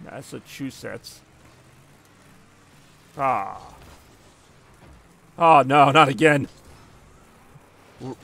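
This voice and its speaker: A man's voice: medium pitch, drawn-out words, creaky, long pauses, fairly bright tone. A man live-streaming a car soccer game, chatting casually with viewers in a rambling, jokey way. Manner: rambling and jokey, answering chat between plays.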